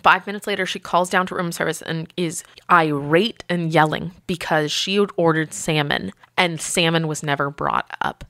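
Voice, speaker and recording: A hotel manager telling work stories in a casual, lively way, often acting out the people she quotes. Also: lowish voice, no echo, studio quality. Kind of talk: casual podcast storytelling.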